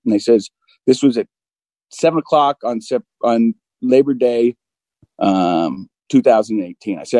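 A man in his forties, speaking as a guest, telling a personal story openly and candidly, acting out both sides of old conversations in quick back-and-forth. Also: mid-range voice, dark tone, dry recording, low-quality recording. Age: 40s. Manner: open and self-deprecating, acts out both sides of dialogue. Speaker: guest recounting recovery.

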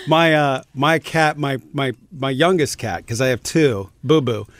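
A man's voice: medium pitch, a little slow, no echo. A man hosting a morning radio show, playful and teasing as he banters with his co-hosts. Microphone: studio microphone.

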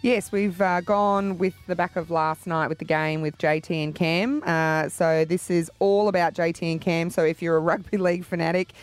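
A woman with an Australian accent co-hosting a radio quiz, reading the questions out with a bright, laughing manner. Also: fairly low pitch, fairly even intonation, moderate pace, few pauses, faint music behind. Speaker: radio co-host.

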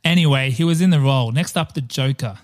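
A mid-range male voice talks quickly on a casual film podcast he co-hosts. The conversation is jokey, with swearing and frequent detours.

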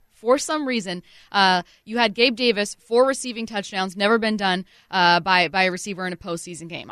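Lively female sports talk host. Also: medium pitch, no echo, clean studio sound. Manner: lively, acts out imagined conversations.

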